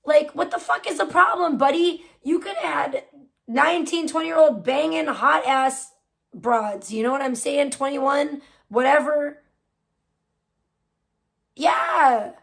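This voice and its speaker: A woman's voice: high-pitched, takes it slowly, gravelly, a bit bright. A woman hosting a casual livestream, chatting with viewers in a blunt, profane, heated way. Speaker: livestream host. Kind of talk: casual live-stream chat with viewers.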